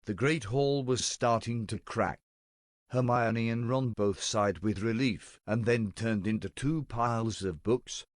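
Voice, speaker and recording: A man narrating a storybook-style tale in a steady, deadpan reading voice, close to the mic. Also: medium pitch, measured pace, dry recording.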